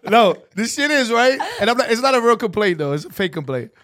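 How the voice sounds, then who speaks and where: A man hosting a podcast, telling stories in playful, animated casual banter. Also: very high voice, quick pace, slight background noise. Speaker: podcast host.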